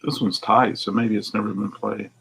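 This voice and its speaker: A man's voice: fairly low pitch, level tone, moderate pace, gravelly, fairly bright tone, husky, rough recording. A man who owns a record store, chatting casually to a video audience while he inspects used CDs, rambling and muttering asides to himself. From United States. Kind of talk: casual vlog talk while sorting CDs. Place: record shop.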